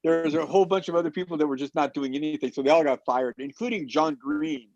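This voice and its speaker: A man telling a long anecdote in casual talk, animated and acting out the quoted people as he goes. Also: on the high side, fast, no room sound. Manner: animated storyteller who acts out quotes. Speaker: roundtable guest. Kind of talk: casual storytelling. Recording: dull muffled dry sound.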